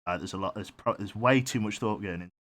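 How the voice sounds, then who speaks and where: A man's voice: fairly low pitch, brisk, fairly bright tone. A man streaming a submarine game live, rambling on and humming to himself as he picks his crew and reads out chat. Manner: rambling, hums while thinking, reads chat aloud. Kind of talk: live gameplay commentary.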